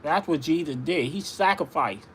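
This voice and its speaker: A man's voice: on the high side, expressive, moderate pace, a bit bright, a little hiss or hum. Insistent man arguing on a livestream. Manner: insistent, argumentative, repeats himself. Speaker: livestream host. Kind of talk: casual livestream talk.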